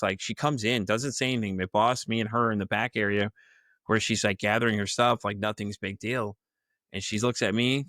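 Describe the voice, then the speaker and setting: A man with a lowish voice, recorded in clean studio sound with no room sound, recounts a wild workplace story as a podcast guest. It's casual, animated and profane storytelling, with frequent laughter and sudden vocal jumps as he plays the people involved.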